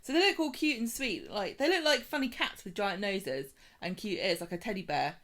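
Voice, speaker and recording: A woman co-hosts a casual podcast, recapping a soap opera with dry jokes. She talks at an ordinary middle pitch and acts out quoted lines in a lifted, playful voice. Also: lively intonation, normal speed, fairly bright tone. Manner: chatty, jokey, acts out quotes in a raised voice. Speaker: podcast co-host.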